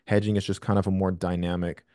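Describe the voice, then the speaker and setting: Blunt male coach, low-pitched, dry and close, swears freely on a video call. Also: level tone, fast talker, warm tone, dry recording. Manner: blunt and profane, emphatic. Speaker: trading coach hosting a call. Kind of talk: live Q&A coaching.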